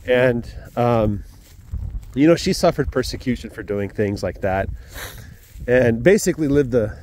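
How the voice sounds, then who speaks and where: A man vlogging from his farm, sharing a casual Sunday morning message in an earnest, reflective way with fillers and pauses. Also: mid-range voice, a little mellow, a little hiss or hum. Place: outdoors on a farm.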